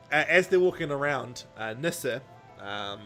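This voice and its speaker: Man, podcast co-host, casual recap, bright clear tone, rambling with many ums. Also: mid-range voice. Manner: rambling, lots of ums, jokey retelling.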